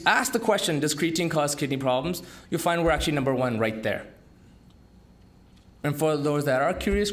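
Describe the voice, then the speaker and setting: Give me a man presenting at a business forum, emphatic and lively, voice pitched a bit high. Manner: lively, emphatic delivery with rhetorical questions. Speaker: entrepreneur speaker. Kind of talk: business talk to an audience. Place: conference room.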